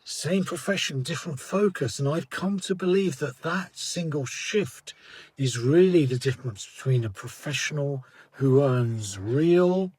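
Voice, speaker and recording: A man who coaches sales, giving a reflective storytelling talk in a measured way that trails off softly at the ends of phrases. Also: a little high, expressive, husky, no echo.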